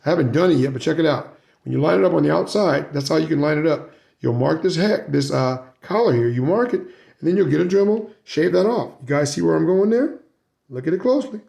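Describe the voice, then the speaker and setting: A man's voice: on the high side, vocal fry, a little mellow, reverberant. A man giving a casual hands-on how-to demonstration, chatty and often checking in with "right?" and "guys". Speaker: RC hobby video maker.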